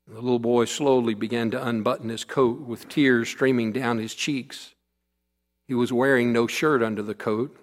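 Earnest preacher telling a story. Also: male voice, medium pitch. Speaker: pastor. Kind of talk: sermon storytelling.

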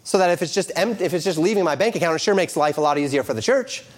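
A middle-aged male pastor preaching a sermon, moving from quoted scripture into lively storytelling. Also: on the high side, fast.

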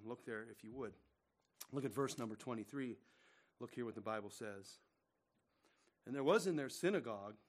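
A male pastor preaching a sermon, emphatic and repetitive, swinging between loud declarations and hushed asides. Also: medium pitch.

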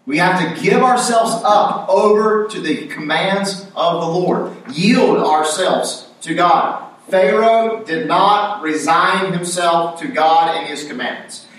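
A man with a fairly high, slightly bright voice preaches a conversational sermon, acting out quoted lines with rising emphasis. He's heard from a distance in a very echoey room.

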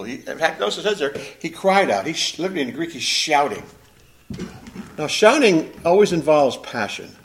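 A man preaching a sermon as pastor, animated, with emphatic pauses and repeated phrases. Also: a little high.

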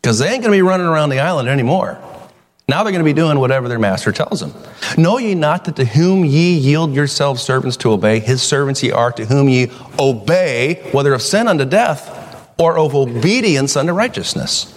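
A middle-aged male pastor preaching a sermon in a folksy, animated storytelling manner, jumping into high voices to act out quotes. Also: a little fast. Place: church sanctuary. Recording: long hall reverb.

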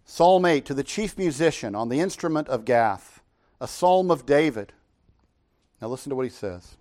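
A man's voice: medium pitch, lively intonation, normal speed, darkish tone. Conversational male preacher posing rhetorical questions. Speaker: pastor. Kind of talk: expository sermon.

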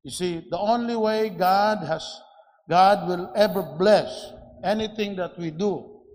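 A man preaching a sermon in a church, slow and deliberate, with frequent restarts and fillers. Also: sits high, a little mellow. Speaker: pastor. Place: church sanctuary. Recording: echoey church hall.

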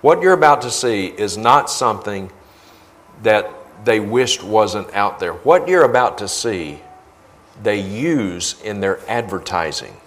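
A man's voice: on the low side, animated, measured pace, fairly bright tone. A man preaching as a guest speaker, indignant and emphatic, repeating phrases for force. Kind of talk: sermon with video commentary.

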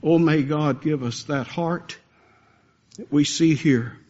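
A man's voice: fairly high pitch, slow pace, darkish tone, dull audio. A man preaching a sermon as pastor, earnest and building to impassioned pleas.

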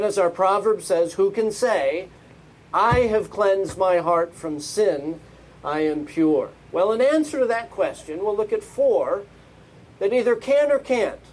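A man's voice: high voice, darkish tone, slightly rough, rough recording. A man preaching a sermon, praying and then asking one emphatic rhetorical question after another. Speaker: pastor.

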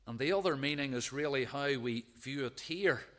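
A man preaching a sermon, reading out scripture verses and dwelling on them in a measured, emphatic way. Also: mid-range voice, a bit bright.

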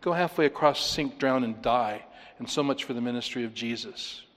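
A man preaching an expository sermon, animated, acting out the voices of the people he talks about. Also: mid-range voice, moderate pace, big-room sound. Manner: animated, acts out voices of the disciples. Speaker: pastor.

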